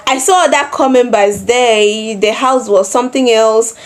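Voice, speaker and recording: A Nigerian woman in her twenties telling a personal story in a vlog, animated, with repeated phrases and acted-out quotes. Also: fairly high pitch, measured pace, few pauses. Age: 20s. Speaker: vlogger.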